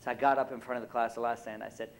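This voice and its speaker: A man's voice: mid-range voice, level tone, racing, slight background noise, low-quality recording. Chatty man on a convention panel. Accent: faint New York. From Brooklyn, New York. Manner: rambling, many fillers and restarts, jokey. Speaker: panel guest. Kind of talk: convention panel Q&A, casual storytelling.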